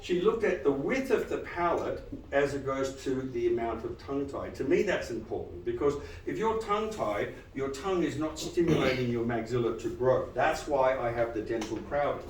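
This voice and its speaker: Animated man lecturing in an echoey hall. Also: mid-range voice, moderate pace, hardly any pauses, distant mic, slight background noise. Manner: animated, quizzing the audience, frequent "right?". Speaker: dental lecturer. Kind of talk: live lecture to dentists. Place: lecture room with audience.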